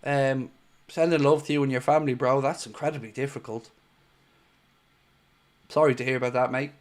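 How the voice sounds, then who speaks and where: A man's voice: mid-range voice, steady tone, brisk. An Irish man hosting a football watchalong stream, chatting casually and reading out viewer comments. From Ireland. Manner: chatty and jokey, calls viewers mate.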